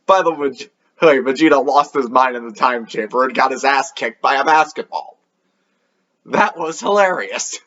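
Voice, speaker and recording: A man hosting his own review video, drifting from point to point with dry, sarcastic asides. His pitch sits in an ordinary middle range. The audio is a little dull and lo-fi. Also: lively intonation, normal speed, a bit bright. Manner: sarcastic, offhand, rambling. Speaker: anime review host. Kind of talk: casual video review commentary.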